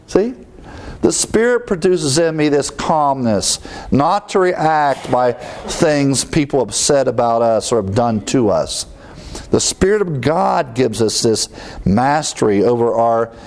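Male preacher, mid-range voice, animated sermon delivery, slips into short acted asides. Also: medium pitch. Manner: animated preaching, acting out inner voices with sighs and exclamations. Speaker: pastor.

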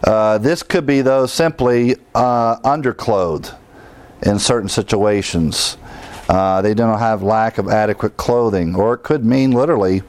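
A man's voice: lowish voice, measured pace, a little mellow. A middle-aged man pastor preaching a sermon in a conversational teaching style, chuckling now and then and restarting his sentences.

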